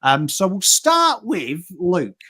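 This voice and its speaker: An English man co-hosting a casual football chat, animated and rambling, often restarting his sentences. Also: high voice, takes it slowly. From England. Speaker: co-host.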